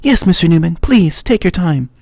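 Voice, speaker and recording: Brief: man playing an Eastern European woman caller, high, sultry, formal and polite. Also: animated, moderate pace, vocal fry, darkish tone, no room sound, clean studio sound, heavily acted. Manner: polite, formal phone manner.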